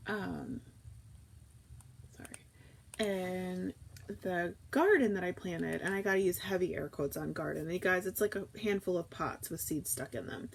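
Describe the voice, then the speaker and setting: A woman's voice: lowish voice, slight background noise. A woman hosting a casual live-stream chat from a backyard camper, talking into an old tablet and greeting her viewers by name.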